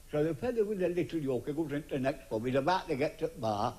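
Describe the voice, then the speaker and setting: A man's voice: fairly high pitch, expressive, fast, darkish tone. Older man with a regional British accent. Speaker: comedian contestant. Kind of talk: stand-up joke telling.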